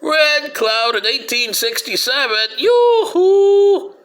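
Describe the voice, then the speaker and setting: A man with a high, sharply bright voice rambles through a comic history talk. His pitch leaps all over the place as he argues with himself and lets out whoops. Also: big pitch swings, a little slow. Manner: rambling, talks back to himself, whoops "yoo-hoo". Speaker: commentator. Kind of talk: rambling comedic history monologue.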